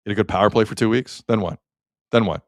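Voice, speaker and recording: A man with a Canadian accent hosting a sports talk show, opinionated and animated, reacting to chat comments. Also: lowish voice, quick pace, dry recording, clean studio sound. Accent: Canadian English.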